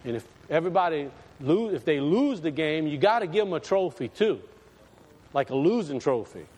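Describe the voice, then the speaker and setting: A male preacher delivers a folksy sermon that breaks into sudden emphatic swells. His voice sits a little high and moves up and down a great deal. Long reverb from a big hall trails every phrase. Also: sing-song, moderate pace, darkish tone. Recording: echoey hall.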